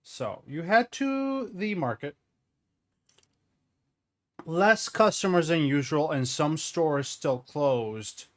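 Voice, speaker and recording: A man's voice: a little high, expressive, slow pace, pauses often. A man narrating a tabletop role-play game as game master, rambling with asides.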